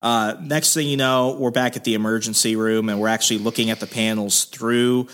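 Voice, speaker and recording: A man's voice: mid-range voice, steady tone, a little fast, fairly bright tone, slight background noise. A man hosting a podcast, casually retelling a story in a loose, rambling way, full of fillers. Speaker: podcast host. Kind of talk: casual comic recap.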